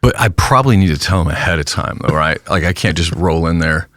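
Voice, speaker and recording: A man, a pastor co-hosting a podcast, telling a self-deprecating story in casual chat with halting restarts. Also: deep voice, lively intonation, fairly bright tone, no echo, studio quality.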